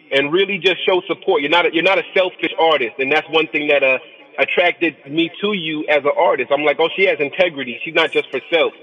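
Bright-voiced New man hosting. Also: fairly high pitch. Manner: relaxed, slangy, stumbles and repeats words. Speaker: interview host. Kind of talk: casual interview. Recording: dull, lo-fi sound.

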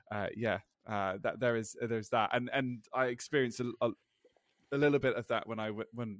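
A British man hosts a relaxed podcast conversation. He rambles through anecdotes with stumbles, restarts and laughter, at a middling pitch. The sound is dry and close. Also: no room sound. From Britain. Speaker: podcast host. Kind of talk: casual podcast chat.

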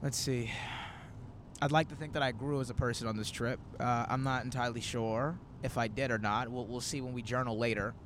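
A man's voice: medium pitch, fairly even intonation, a little fast, noisy background. A man in his twenties, a comedian hosting a casual road-trip chat, telling rambling stories full of quoted asides. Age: 20s. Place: in a moving car.

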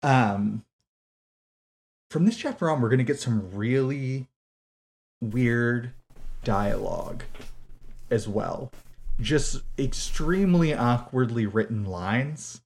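A woman co-hosts a podcast, casually tearing apart a book with sarcastic, profane disbelief. Her bass voice has a darkish tone and lively intonation, and she speaks slowly with long pauses.

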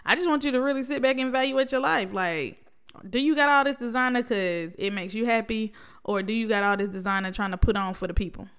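Smooth-voiced woman podcasting solo. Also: on the high side, fast talker, fairly bright tone. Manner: conversational and reflective, with many fillers and rhetorical questions. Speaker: podcast host.

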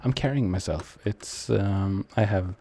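A man's voice: low voice, measured pace, warm tone, a little hiss or hum. A young man with a Norwegian accent giving casual, rambling, self-mocking commentary while he plays a shooter. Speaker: gamer commenting on his match.

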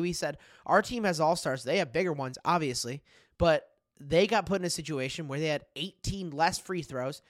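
A man's voice: on the high side, a bit bright, no echo, clean studio sound. A young man co-hosting a podcast, talking sports casually, laughing often and swearing freely. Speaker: podcast co-host.

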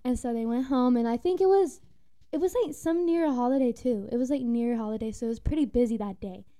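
A young woman, a former restaurant host, telling a work story in casual chat, animated and emphatic. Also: a little high, quick pace. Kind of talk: casual storytelling among friends.

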